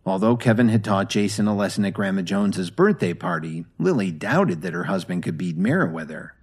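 A man narrating a dramatic story with an expressive reading. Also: sits low, fairly quick, slightly rough.

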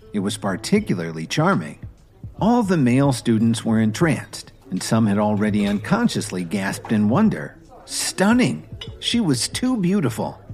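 A man giving a scripted storybook narration in an expressive, measured way. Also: mid-range voice.

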